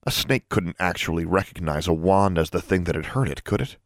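A man reading a story aloud in an even, measured narrating manner. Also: sits low, no room sound, studio quality. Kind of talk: scripted audiobook narration.

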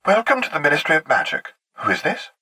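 A man's voice: a little high, wildly swooping pitch, quick pace, bright, forceful tone, slightly rough, no room sound, pitched above the performer's own voice, exaggerated voice. A man voicing a prim, formal female announcer with a bureaucratic manner.

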